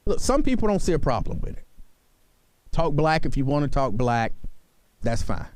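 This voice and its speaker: A man's voice: fairly high pitch, sing-song, normal speed, a little mellow, no room sound. A man hosting a talk radio show, talking casually and animatedly, often repeating himself for emphasis. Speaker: radio host.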